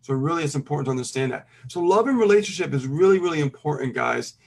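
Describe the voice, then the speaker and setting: A middle-aged man giving casual life advice, calm and full of "you know" and "okay" check-ins. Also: a little high, fast, gravelly, a little hiss or hum. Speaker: co-host.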